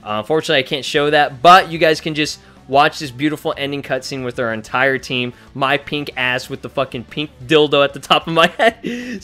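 A young man giving excited, profanity-laced commentary on his playthrough. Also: medium pitch, brisk, hardly any pauses. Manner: hyped, swears a lot, frequent exclamations. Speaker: let's play gamer. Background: faint game music.

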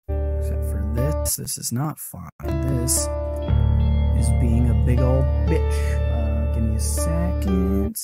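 A man's voice: medium pitch, big pitch swings, takes it slowly, vocal fry, over loud music. A man streaming a horror game live, rambling and swearing casually as he plays. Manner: rambling, self-interrupting and swearing; frequent laughing asides. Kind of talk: casual live gaming commentary.

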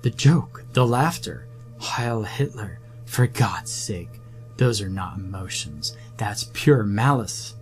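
An outraged, distraught scientist, as a man acts him out, protests in a low voice at a slow pace. His indignation comes through over faint music. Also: big pitch swings. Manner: indignant and agitated. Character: distraught middle-aged male scientist, outraged and pleading.

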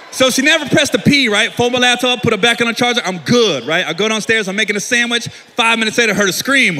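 A man performing a stand-up comedy set, telling a story in an animated way and yelling his punchlines loud. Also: high voice, quick pace, in a large hall, a little hiss or hum.

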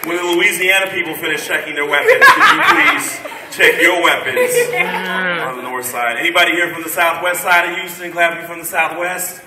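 A man's voice: a little high, sing-song, a little fast. A young man doing stand-up, joking loosely and chatting with the audience at a college show. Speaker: stand-up comedian. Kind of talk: stand-up crowd work. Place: college event hall. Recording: echoey room from far off, loud crowd noise. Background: audience laughing and clapping.

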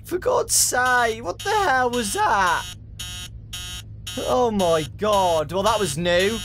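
A young man commentates his way through a horror game, his voice swinging widely in pitch as he mutters nervously to his viewers. He talks in an unhurried way, and a faint hiss sits under the recording. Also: sing-song, fairly bright tone. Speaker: gaming YouTuber.

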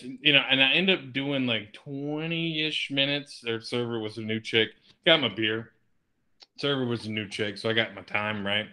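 Bright-voiced joking man. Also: mid-range voice, normal speed. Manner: excitable, jokey, laughs often, swears. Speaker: podcast co-host. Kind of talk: casual chat over beers.

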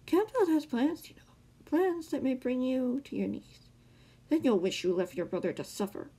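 A mysterious male caller who taunts and mocks in a high, lilting voice, as a woman reading a story puts him on. His pitch swoops widely. He sounds sly and menacing. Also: big pitch swings, normal speed, mellow, breathy edge, heavily acted. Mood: taunting. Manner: taunting, mocking.

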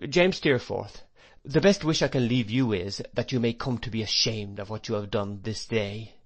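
A man plays a humble, dignified schoolteacher in a storybook reading. His voice stays quiet and restrained, steady under pressure. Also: lowish voice, normal speed. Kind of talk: audiobook character voice.

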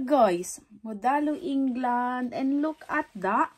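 A woman filming a casual haul vlog at home, chatty, excited about bargains and repeating "guys" as she shows each item. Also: sits high, a little slow. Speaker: vlogger. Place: home, indoors.

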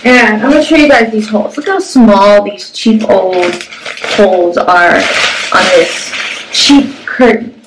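A woman's voice: mid-range voice, slow pace, background noise. A young woman reviewing a shower curtain in a casual, upbeat vlog, talking with lots of "um" and "like". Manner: chatty, upbeat, with frequent "um" and "like". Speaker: product reviewer. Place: small home bathroom. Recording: echoey bathroom, mic at a distance.

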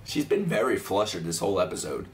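A young man reacting to an anime episode, loud and excitable, swearing and shouting at the screen. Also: low-pitched, fast talker, slight background noise. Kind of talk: live anime reaction commentary.

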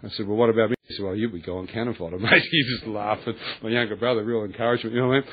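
Male preacher, husky voice on a tinny recording, tells his story with lively acted-out dialogue. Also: lowish voice, racing. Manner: animated storyteller, acts out voices, laughs often, colloquial. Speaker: preacher giving testimony. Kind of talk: testimony sermon.

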